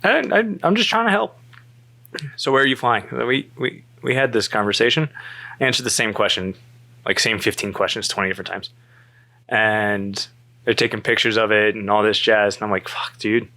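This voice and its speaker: Storytelling man, low bright voice, animated, jumps into quoted voices, laughs a lot. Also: brisk. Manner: animated, acts out quoted dialogue, laughs often. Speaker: storyteller guest. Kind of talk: casual storytelling chat.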